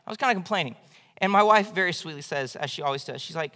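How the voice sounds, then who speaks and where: High, bright-voiced male pastor preaching. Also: animated, fast. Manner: conversational, emphatic preaching. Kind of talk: evening church sermon. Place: church sanctuary. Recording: long hall reverb.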